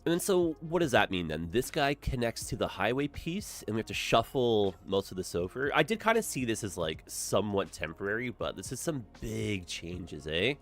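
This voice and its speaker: Stuffed-up male streamer, low voice, very animated, faint music behind. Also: moderate pace, few pauses. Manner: relaxed thinking aloud. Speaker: game streamer. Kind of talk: casual gameplay commentary.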